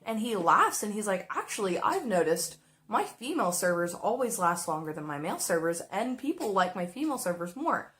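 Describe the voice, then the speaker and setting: Doing her makeup, a young woman tells an animated, expletive-laced story about work at a restaurant, slipping into exaggerated impressions of the people involved. She speaks a little fast in a mid-range voice.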